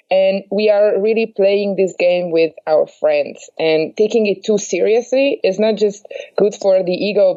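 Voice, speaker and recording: A woman who flies paragliders, a guest on a podcast, speaking in a measured, reflective way with pauses and fillers over a remote call. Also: fairly low pitch, mellow, dull audio. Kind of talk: conversational interview.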